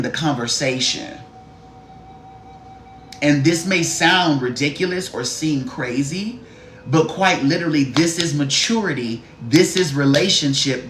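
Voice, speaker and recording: A man's voice: a little high, a little slow, a bit bright, a little hiss or hum. A man giving a live-stream card reading, blunt, profane and sassy, talking straight to the viewer and greeting chatters. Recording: roomy echo.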